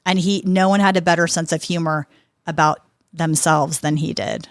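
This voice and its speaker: A woman in her fifties, a guest on a podcast, telling lively anecdotes and acting out what people said. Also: sits low, normal speed, dry recording, studio quality. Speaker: podcast guest, sports executive. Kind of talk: conversational interview storytelling.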